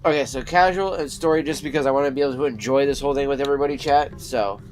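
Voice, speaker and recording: A man's voice: mid-range voice, racing. A man streaming a game live, chatting casually with his viewers, swearing freely and cooing to his cats.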